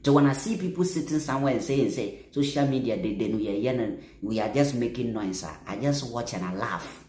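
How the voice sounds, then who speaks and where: A man with a Ghanaian accent giving impassioned political commentary, emphatic, repeating phrases and bursting into louder stretches. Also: medium pitch, expressive, fairly quick, roomy sound, a little hiss or hum. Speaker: social media commentator.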